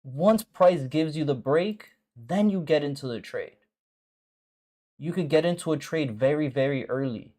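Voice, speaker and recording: This forex mentor's voice is fairly high and mellow, animated yet a little slow. Hosting a live trading stream, he talks bluntly and casually to viewers, swears, uses slang, and repeats short phrases for emphasis.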